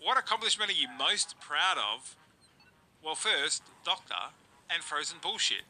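A man's voice: a little high, very animated, unhurried, sharp tone, rough recording. A man streaming a party game with friends, reading answers aloud with crude jokes and frequent laughter. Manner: laughs often, crude joking. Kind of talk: casual game-night chat.

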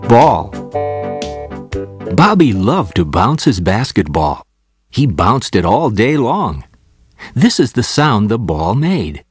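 A man reading children's phonics stories slowly and expressively, acting out the letter sounds. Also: lowish voice, slightly rough, no room sound, studio quality, faint music behind. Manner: slow, very expressive storybook reading with sound demonstrations. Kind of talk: scripted narration for children.

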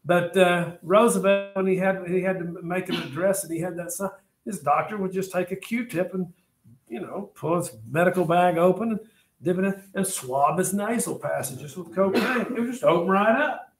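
An older man teaches a class with a slightly high voice. He rambles through jokey stories and asides to his students as he lectures. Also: moderate pace. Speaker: history teacher.

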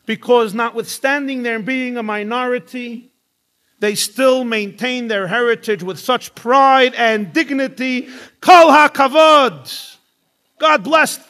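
A man voicing an indignant woman who scolds a stranger in an exasperated, shrill way. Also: animated, measured pace, vocal fry, few pauses, bright, forceful tone, heavily acted. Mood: admiring.

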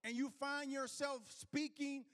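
Man, preacher, high voice, sermon storytelling, repeats and restarts, talks to congregation. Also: level tone, measured pace, fairly bright tone. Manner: repetitive restarts, calls out to the congregation.

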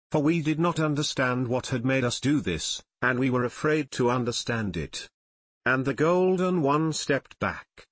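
A man narrating an audiobook in a measured, solemn reading voice. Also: medium pitch, fairly bright tone, no room sound. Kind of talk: scripted narration.

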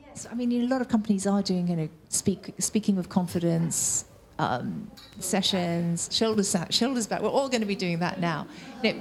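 A woman's voice: mid-range voice, darkish tone, slight background noise. A woman answering on a discussion panel, hesitant, with many "you know" fillers and restarts. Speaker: panel speaker.

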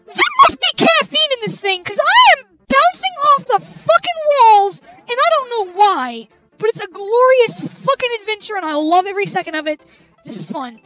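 A young woman, tipsy from drinking, commenting loudly on a game she is playing, swearing and yelling at it as she goes. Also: very high voice, rough recording. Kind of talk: let's play commentary while drinking.

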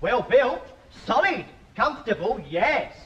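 A gushing, fussy royal tailor with a very high, bright, sharp voice and flowery flattery. The old TV sound is dull and roomy, with audience laughter behind. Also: male voice, measured pace, slight background noise, exaggerated voice. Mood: fawning. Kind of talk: 1970s TV sketch comedy.

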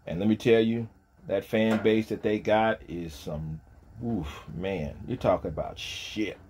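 A man, ranting on a livestream, profane and taunting, dropping from low mutters to loud shouting. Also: a little slow. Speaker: streamer pastor.

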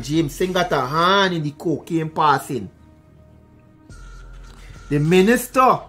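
Speaking in a high, fairly bright voice, this man with a Guyanese accent fires off a profane news commentary. He hammers the same points repeatedly and talks straight to his viewers.

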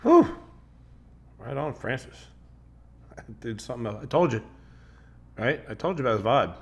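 A man's voice: medium pitch, lively intonation, measured pace, gravelly. A man hosting an interview podcast, upbeat and loose, laughing often and using casual slang. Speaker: podcast host.

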